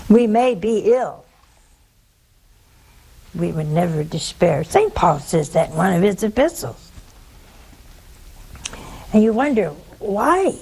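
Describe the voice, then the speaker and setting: A woman's voice: medium pitch, big pitch swings, slow, gravelly, pauses often, a little mellow, breathy edge. A woman preaching a sermon, telling a story in a conversational way and asking the audience rhetorical questions.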